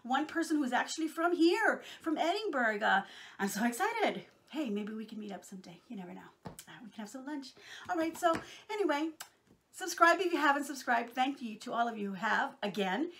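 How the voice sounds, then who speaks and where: A middle-aged Texan woman chatting casually to her viewers, rambling warmly with many fillers. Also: high-pitched, sing-song, a little fast, a little hiss or hum. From Texas, USA. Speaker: crafting vlogger.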